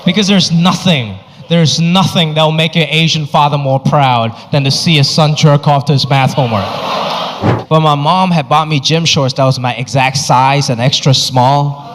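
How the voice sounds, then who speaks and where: Male stand-up comic, high-pitched, punchy anecdotal delivery, reverberant noisy venue. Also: fairly even intonation, moderate pace. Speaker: stand-up comedian. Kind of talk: stand-up comedy storytelling. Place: comedy stage. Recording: reverberant venue with background noise.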